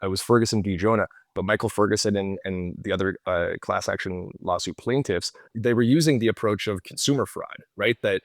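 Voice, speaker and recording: Man, Canadian accent, lowish voice, earnest podcast guest, dry close sound. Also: brisk, hardly any pauses, no echo. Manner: earnest, explanatory, tags points with "right?". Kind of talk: casual interview talk.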